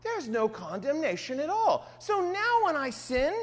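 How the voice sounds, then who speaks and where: A woman preaching a sermon, reading scripture aloud and acting out voices in an animated way. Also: high-pitched, measured pace, in a large hall.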